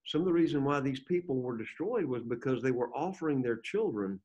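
A man leads a Bible lesson, asking his class questions and reading scripture aloud with mounting emphasis. He sounds animated and fairly quick, with a medium-pitched, slightly mellow voice, though the recording is muffled.

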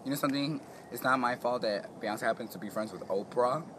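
A man's voice: medium pitch, fairly quick, a bit bright, slight background noise. A man who performs in drag, chatting and joking campily between takes at an outdoor video shoot in the rain. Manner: campy, joking, playfully crude. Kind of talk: casual behind-the-scenes chat.

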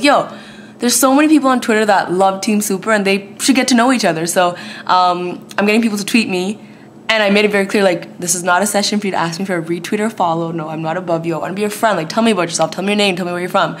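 A woman's voice: medium pitch, slight background noise. A young woman in her twenties talking to camera at home in a chatty, slangy daily vlog. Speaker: vlogger. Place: at home, indoors.

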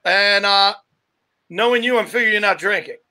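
A man with a high voice and a bright, sharp tone hosts a casual chat show. He jokes with his guests and pokes fun at himself. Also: fairly quick, low-quality recording. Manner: joking, self-deprecating. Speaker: podcast host.

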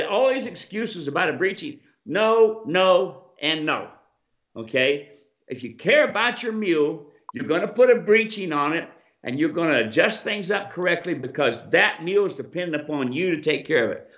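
Emphatic folksy American rancher. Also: male voice, fairly high pitch, very animated, moderate pace, a bit bright. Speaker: mule ranch owner and saddle maker. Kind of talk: live Q&A show. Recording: echoey, slightly dull sound.

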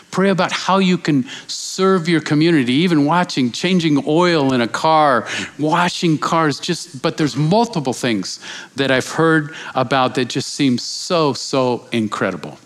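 A man preaching as a guest speaker, telling a personal story with lively acted-out voices before moving into exhortation. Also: on the high side. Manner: animated storyteller, acts out quoted voices.

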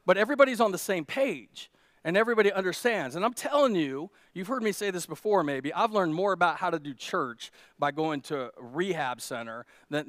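A man's voice: fairly high pitch, a bit bright, dry recording. Male pastor, conversational storyteller with emphatic peaks; dry close mic, no room sound. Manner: storytelling, many restarts and fillers, building to emphatic peaks. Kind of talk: conversational sermon. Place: church.

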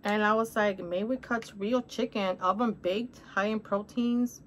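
A woman's voice: mid-range voice, fairly even intonation, unhurried, fairly bright tone, a little hiss or hum. Chatty middle-aged woman with Spanish accent. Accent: Spanish-accented English. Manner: chatty and upbeat, calls viewers honey. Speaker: haul vlogger. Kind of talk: casual shopping haul chat.

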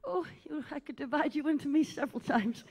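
Here the performer's voice is high with a darkish tone and a brisk delivery. She portrays an aging, self-obsessed, needy cabaret diva in live character comedy, melodramatic and gushing as she ribs the theatre audience.

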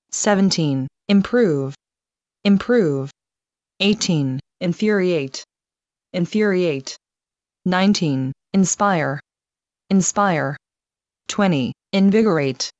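Woman, vocabulary list reader, very slow, dull dry lo-fi sound. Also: fairly low pitch, no room sound. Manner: measured, says each word twice, number first. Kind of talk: reading a numbered word list aloud. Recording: dull, slightly lo-fi dry recording.

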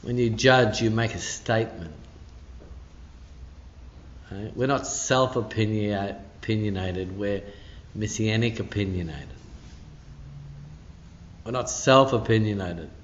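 A man's voice: fairly low pitch, slow pace, long pauses, slight background noise. A man pastor giving a midweek church teaching in a conversational, emphatic way, full of asides. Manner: conversational and emphatic, peppered with "you know". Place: church hall. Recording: dull echoey church recording.

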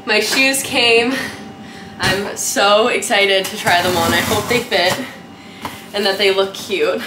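A young woman vlogging casually from home, gushing and excitable, peppering her talk with "like". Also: medium pitch, slow pace, noisy background. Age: young adult. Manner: gushing, excitable, heavy use of "like". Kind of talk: casual vlog chat. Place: her apartment at night.

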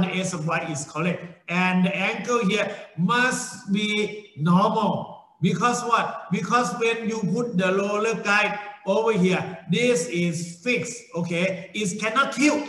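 A middle-aged man with a Thai accent, a native Thai speaker lecturing on engineering, slow and repetitive, with frequent okays and restarts. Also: high voice, a bit bright, reverberant, rough recording. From Thailand. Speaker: university lecturer.

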